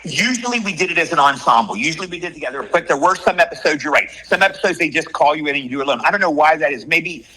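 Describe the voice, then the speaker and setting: An older man chats as an interview guest and rattles off stories with excitable energy. He talks fast in a voice that sits a bit high. The tone is bright and sharp. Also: a little hiss or hum, low-quality recording. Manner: chatty storyteller, quick and excitable. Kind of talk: casual interview chat.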